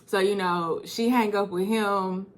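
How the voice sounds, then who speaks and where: A woman in her thirties telling personal stories in a vlog, animated and laughing as she reminisces. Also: medium pitch, measured pace. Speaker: vlogger.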